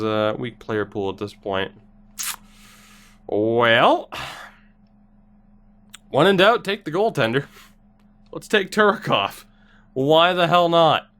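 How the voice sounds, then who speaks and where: A man's voice: mid-range voice, gravelly, a bit bright, smooth. A man streaming a hockey video game, muttering sarcastic commentary to himself and talking back to his viewers' chat. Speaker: gaming streamer.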